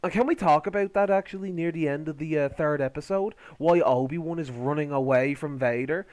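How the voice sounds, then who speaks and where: A man's voice: on the high side, expressive, a little fast, few pauses, darkish tone, no echo. A man ranting in a reaction commentary, indignant and sarcastic, swearing as he complains.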